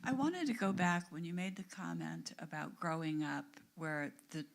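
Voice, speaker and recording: Low-voiced woman asking a tentative question. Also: normal speed, vocal fry. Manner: tentative, searching for words. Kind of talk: question from the group.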